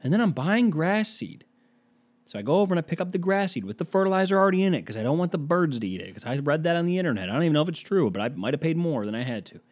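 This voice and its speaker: A man's voice: fairly high pitch, sing-song, very fast, a little mellow. A man telling an exasperated, profane, incredulous storytime rant to his viewers.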